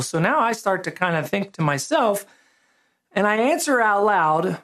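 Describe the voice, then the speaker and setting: A man's voice: high-pitched, measured pace. Male pastor, conversational sermon, easygoing storyteller who pokes fun at himself. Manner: relaxed storytelling, self-deprecating humor.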